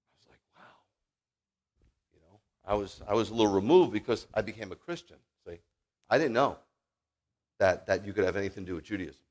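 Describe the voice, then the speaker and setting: Guy preaching at a shabbat service, jokey storyteller, booms then drops way down low. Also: fast talker. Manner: animated, swings from loud declaring to near-murmured asides; folksy, joking, talks straight to the congregation. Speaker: congregation leader preaching. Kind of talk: sermon with personal storytelling.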